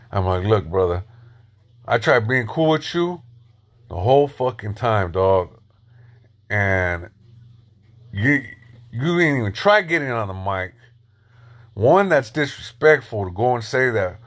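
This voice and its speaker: A man's voice: medium pitch, a bit bright. A middle-aged man casually telling a story on a live stream, talking in loose street slang with lots of fillers and breaking off to greet viewers.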